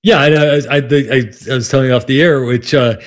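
A man's voice: mid-range voice, fairly quick. Rambling male sports radio host. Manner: rambling, self-deprecating, many restarts. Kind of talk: casual sports radio chat.

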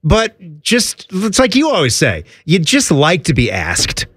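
A man's voice: on the high side, huge pitch swings, a little slow, a bit bright, breathy edge, dry recording, clean studio sound. Enthusiastic rambling male radio co-host. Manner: enthusiastic, rambling, lots of fillers. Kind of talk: casual radio banter.

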